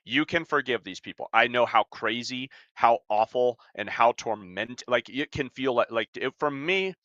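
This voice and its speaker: Blunt, forceful man swearing freely. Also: medium pitch, lively intonation, normal speed, no room sound, highs cut off. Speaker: podcast co-host and life coach. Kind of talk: casual podcast talk.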